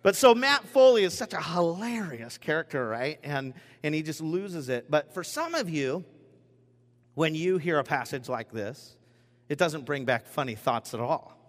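Chatty pastor preaching in a reverberant hall. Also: male voice, on the high side, sing-song, moderate pace. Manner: casual, chatty preaching with asides and jokes. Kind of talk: conversational sermon. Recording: long reverb of a large hall.

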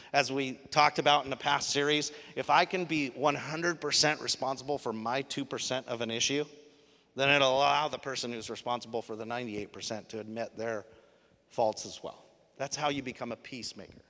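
A man preaching a sermon as pastor, animated, shifting from quiet reflection to loud emphasis. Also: medium pitch. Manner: animated, swings from soft to loud. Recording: long hall reverb.

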